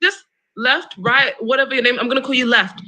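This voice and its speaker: A man hosting a live stream, his voice pitched very high and bright with a sharp edge. He argues combatively, interrupts often and presses his point with quick rebuttals. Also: a little hiss or hum, poor audio. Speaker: livestream host. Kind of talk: argumentative live-stream debate.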